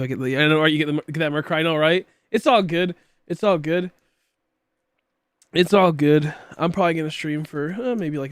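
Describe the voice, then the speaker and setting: A man's voice: mid-range voice, no room sound. A young man streaming and chatting casually with viewers, rambling with many fillers and coughing often from a tickly throat. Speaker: livestreamer.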